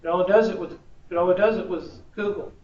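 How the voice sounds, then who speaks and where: A male college instructor speaks at a quick pace in a high, steady voice with a darkish tone. His teaching is laid-back and humorous, drawling "y'all," while the faraway room recording makes everything echoey and dull.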